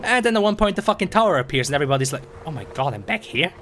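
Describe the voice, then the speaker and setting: A hoarse young man from Sweden, rambling excitably and swearing while commenting on a game he streams. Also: a little high, rapid-fire. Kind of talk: casual gameplay commentary. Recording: stream mic with game noise behind. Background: game sounds.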